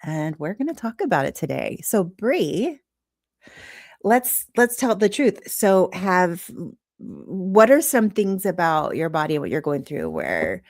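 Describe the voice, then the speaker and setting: A woman's voice: lowish voice, very animated, unhurried, dry recording, studio quality. A woman hosting a podcast, guiding the talk in an encouraging, supportive way. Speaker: podcast host. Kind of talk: candid podcast conversation.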